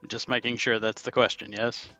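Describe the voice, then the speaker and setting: A man's voice: mid-range voice, level tone, moderate pace, soft background music. A man taking part as the mystery guest on an online panel game, dry and cautious as he checks what is being asked. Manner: dry, quietly wry, cautious.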